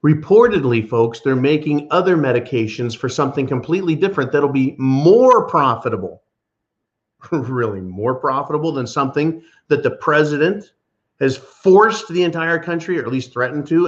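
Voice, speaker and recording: A man's voice: medium pitch, moderate pace, lo-fi sound. A man hosting a preparedness channel, ranting sarcastically and emphatically in political commentary, often calling listeners "folks".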